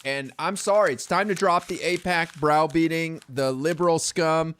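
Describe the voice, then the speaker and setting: A man's voice: a little high, normal speed, fairly bright tone, clean tone. A man hosting a political stream, giving casual commentary in a blunt, profane, lecturing way.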